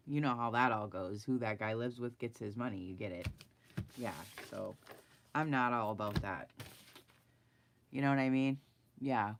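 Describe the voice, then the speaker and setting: A woman's voice: very deep voice, a bit bright, slight background noise. A middle-aged woman chatting bluntly and animatedly with live viewers from her desk while she draws, laughing often. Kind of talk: casual chat while drawing. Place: at a desk indoors.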